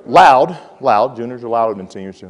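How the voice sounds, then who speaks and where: A man in his forties giving a playful, animated motivational talk to students and calling out to the audience. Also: medium pitch, normal speed, background noise. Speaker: college president giving a talk. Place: large hall with a live audience. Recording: hall reverb.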